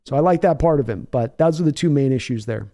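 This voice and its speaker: A man's voice: medium pitch, quick pace, dark tone. A man hosting a live podcast, chatting casually and calling plays, rambling with many fillers. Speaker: podcast host. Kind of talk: casual live chat with play-by-play.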